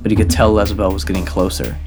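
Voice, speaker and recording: A man narrating an audiobook in a measured, even reading. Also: low voice, over loud music.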